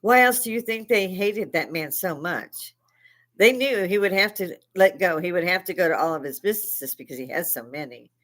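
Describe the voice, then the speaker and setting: An older woman hosting a live stream, delivering a heated, profane political rant that keeps rising into shouting. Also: on the low side, expressive, moderate pace. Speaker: livestream host. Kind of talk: veteran speaking.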